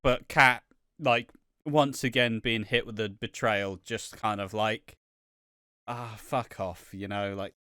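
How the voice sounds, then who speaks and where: A man's voice: fairly low pitch, level tone, unhurried, bright, forceful tone, clean tone, no room sound, clean studio sound. A man from Britain co-hosting a podcast, chatting casually and animatedly about a soap episode, often swearing and acting out lines. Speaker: podcast co-host.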